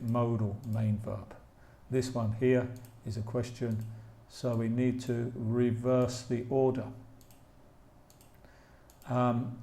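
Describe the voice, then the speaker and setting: A man from England with an English accent, teaching a grammar lesson slowly and patiently, repeating key points with frequent ums. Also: medium pitch, a little mellow. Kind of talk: slow, explanatory grammar lesson.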